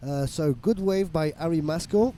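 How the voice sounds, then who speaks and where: A man's voice: on the high side, normal speed, mellow. A man commentating a live surf contest, explaining scores and reading out viewer messages. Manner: reads viewer messages, slips into Spanish and French.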